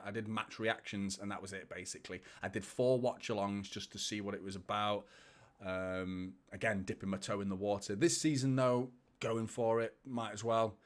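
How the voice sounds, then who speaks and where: A man, hosting a live football watchalong, chatting casually and laughing as he reads viewer comments. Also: lowish voice. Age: 30s.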